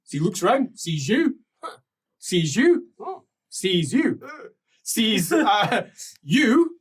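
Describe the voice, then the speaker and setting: A game master narrates a tabletop game with lively, swooping intonation and frequent laughter. The voice is husky and sits somewhat away from the microphone. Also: mid-range voice, extremely slow, distant mic. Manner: animated storytelling, frequent laughs and fillers.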